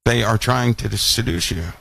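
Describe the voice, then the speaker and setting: A man's voice: medium pitch, moderate pace, creaky, husky, no echo. A man preaching a live online Bible lesson, asking many rhetorical questions. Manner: animated, full of rhetorical questions.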